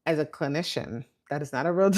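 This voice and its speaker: A woman with a low voice hosts a reality TV recap, chatting casually and telling the story with animation while mimicking what people said. There's slight background noise.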